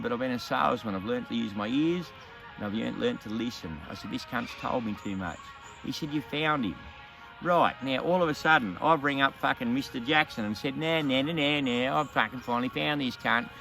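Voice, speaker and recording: A man's voice: medium pitch, creaky, sharp tone. A middle-aged man with an Australian accent telling a casual spoken anecdote in a blunt, heavily profane way. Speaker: storyteller.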